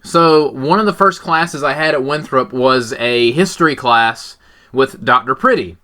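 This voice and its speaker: A man's voice: medium pitch, a little slow, pushed and bright. A young man hosting a casual podcast, full of crude jokes and banter. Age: young adult. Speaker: podcast host.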